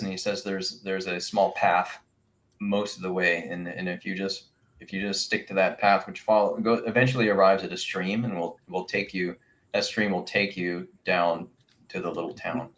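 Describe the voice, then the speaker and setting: A man running a tabletop game as game master, narrating in a rambling, halting way full of restarts. His voice sits on the low side. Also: fairly even intonation, a bit bright.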